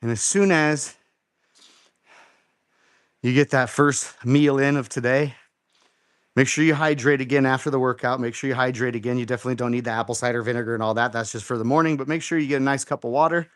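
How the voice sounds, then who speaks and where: Breathless after exercising, this middle-aged host of a live workout show cheers a viewer on, says his instructions more than once, and counts out the reps. His mid-range voice is steady, smooth and a little fast, recorded in a studio with no echo.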